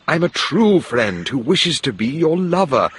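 A man playing an insistent gentleman suitor who pleads slowly and earnestly. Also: on the high side, sing-song, breathy edge, voice pushed up, heavily acted. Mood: pleading.

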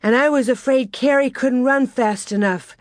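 A woman reads aloud in a high voice at normal speed, pitched above her own natural register and lightly acted, in clean studio sound with no echo. She plays a brave, eager young girl calling out with breathless urgency.

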